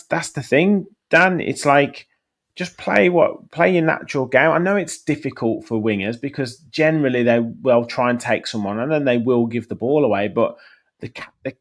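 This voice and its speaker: A man hosting a casual football podcast, reading viewer comments and passing questions to his co-hosts. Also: medium pitch. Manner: reads out viewer comments, then hands over to panelists. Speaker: podcast host.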